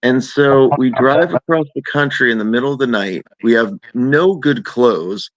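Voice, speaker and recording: A man in casual conversation tells a rambling story at a middle pitch. He gets animated and jumps higher when he quotes other people. The sound is dry and close, with no room around it. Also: moderate pace, dry recording, muffled recording.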